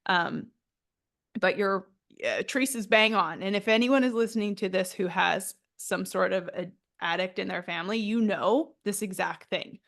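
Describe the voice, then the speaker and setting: Tearful, gravelly-voiced woman podcast host. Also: mid-range voice, normal speed, a bit bright. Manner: emotional, tearful, blunt with swearing. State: in tears. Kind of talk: candid interview chat.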